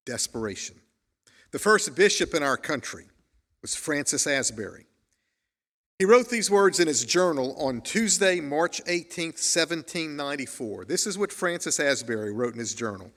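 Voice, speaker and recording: A man's voice: on the high side, lively intonation, moderate pace, a bit bright. A man preaching a sermon as pastor, telling stories in an earnest way and reading quotations aloud. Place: church sanctuary. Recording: long church reverb.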